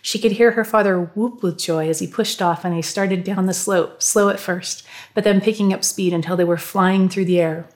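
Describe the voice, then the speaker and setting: Calm woman reading a novel. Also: mid-range voice, normal speed. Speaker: narrator. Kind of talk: audiobook narration.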